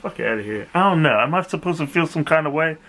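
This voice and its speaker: A man's voice: on the high side, fast talker, poor audio. A young man casually telling a camp-out story, cursing and acting out what people said. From South Jersey, USA. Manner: animated, profane, acts out other people's lines. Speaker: vlogger.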